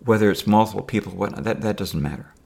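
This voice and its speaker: A man's voice: on the low side, fast, vocal fry, darkish tone. A man talking to camera in a rambling personal monologue, with dry sarcastic humor and many fillers and restarts. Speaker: video diarist.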